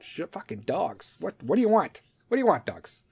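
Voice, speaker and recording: A man's voice: high voice, sing-song, normal speed, gravelly, husky. Foul-mouthed rambling man podcaster. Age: 30s. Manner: profane, blunt, goes off on tangents. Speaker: podcast host. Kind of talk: casual rambling monologue.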